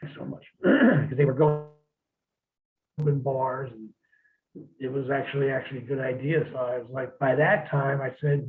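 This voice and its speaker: A man's voice: medium pitch, normal speed. A man telling wrestling road stories in a casual interview, laid-back and profane, laughing as he goes. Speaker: guest, former wrestler. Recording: tinny phone-like line.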